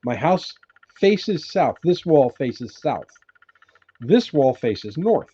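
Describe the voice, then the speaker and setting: An older man hosting a live stream from his cabin, chatting in a rambling way and laughing often. His voice sits a little high and swings widely, with a mellow tone. The stream audio is dull and lo-fi. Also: big pitch swings, takes it slowly, slightly rough. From California. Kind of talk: casual live chat with viewers. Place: off-grid cabin indoors.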